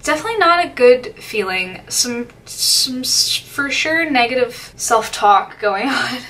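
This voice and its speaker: A woman's voice: fairly high pitch, animated, unhurried, pushed and bright, slight background noise. A young woman in college, talking candidly and rambling in a casual get-ready-with-me vlog, often putting herself down. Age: young adult. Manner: rambling, candid and self-deprecating. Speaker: college student vlogger.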